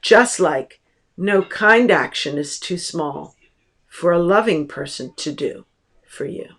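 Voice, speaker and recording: A woman teacher giving a lecture on a book, explaining slowly and deliberately with pauses, recorded at home. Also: lowish voice, animated, fairly bright tone, breathy edge.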